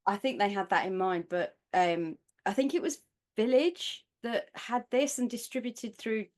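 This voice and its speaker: A Northern English woman co-hosting a film podcast, talking in a middle-pitched, even voice. She chats bluntly and swears without a second thought. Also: unhurried. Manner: chatty, blunt, swears casually. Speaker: podcast co-host. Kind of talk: casual chat.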